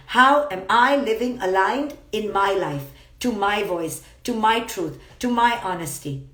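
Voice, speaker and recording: A woman psychologist giving a live-streamed motivational talk, emphatic and blunt, repeating her key words. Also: medium pitch. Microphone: phone live stream. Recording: roomy echo.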